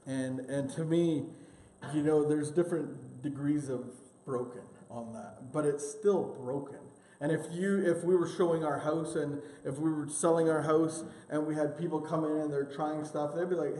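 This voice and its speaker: A man's voice: a little high, steady tone, unhurried, a little mellow. A man leading a church group session, telling self-deprecating home-repair stories in a rambling, casual way with many fillers. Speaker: church small-group leader. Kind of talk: casual teaching talk with personal stories. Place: church meeting room. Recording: echoey hall with long reverb.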